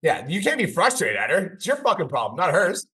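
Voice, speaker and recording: A man's voice: high voice, brisk, husky. A man hosting a casual podcast as a business coach, talking bluntly, swearing often and acting out his stories. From Canada. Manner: blunt, swears constantly, animated storytelling.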